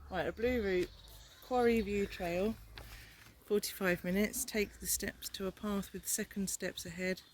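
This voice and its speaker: A giggly woman reads the trail signs aloud on an outdoor hillside. Her voice sits at an ordinary middle pitch, with faint noise around her. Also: steady tone, measured pace. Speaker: travel companion. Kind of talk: casual chat, reading trail signs aloud.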